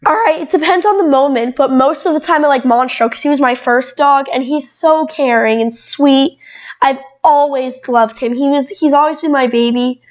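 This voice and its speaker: A 12-year-old girl guests on a podcast, chatting casually in a high voice at a moderate pace. She rambles, says "like" constantly, and often restarts sentences, and the recording sounds a bit dull and muffled.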